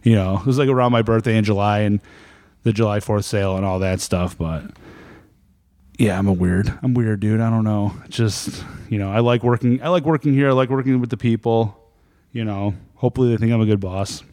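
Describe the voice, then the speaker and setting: A man's voice: lowish voice, steady tone, fairly quick, darkish tone, dry recording. A man, a store manager, telling rambling stories with frequent laughter in casual chat.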